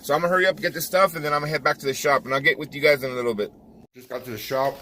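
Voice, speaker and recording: A barbershop owner with a Californian accent vlogs in a slightly high, steady, bright, forceful voice at a racing pace, first driving around town and then in his shop. He talks casually to viewers with many repeated words and restarts, almost like he's coaching younger barbers.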